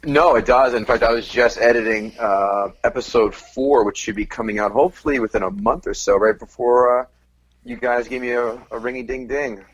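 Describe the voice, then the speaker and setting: A man from Central New Jersey, a comedian guest on a podcast, telling animated, profane stories in casual chat. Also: medium pitch, moderate pace, slightly rough, dull audio.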